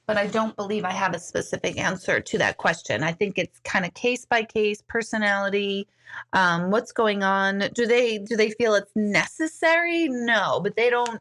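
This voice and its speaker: A woman's voice: mid-range voice, a bit bright. Woman musing on spiritual questions. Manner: thinking aloud with fillers and restarts. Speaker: intuitive answering viewer questions. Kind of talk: casual spiritual Q&A talk.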